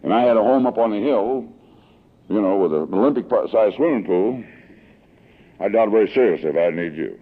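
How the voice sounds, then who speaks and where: A man's voice: on the low side, animated, moderate pace, pauses often, slight background noise. A man in his sixties telling his recovery story to a meeting, in a folksy, emotional storytelling manner, on an old tinny tape recording. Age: 60s. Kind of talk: personal recovery talk to a meeting. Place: meeting hall.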